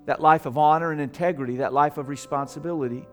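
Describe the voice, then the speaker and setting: A man preaching a sermon as pastor. He drops low and soft, then builds to loud, emphatic peaks, and slows down to stretch out the scripture quotes. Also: fairly even intonation, faint music behind. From United States. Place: church sanctuary.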